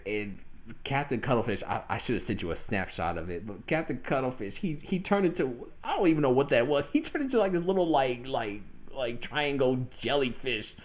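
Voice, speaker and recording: Male podcast host, mid pitch, animated casual talk, slightly muffled recording. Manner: animated, laughs often, acts out quotes. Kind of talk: casual chat.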